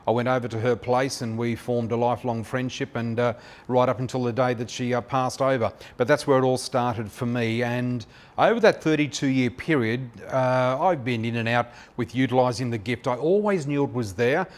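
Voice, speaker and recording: An Australian man in his fifties, a psychic flower reader telling his story in a chatty, anecdotal way with many filler pauses. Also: medium pitch. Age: 50s. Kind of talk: personal storytelling monologue.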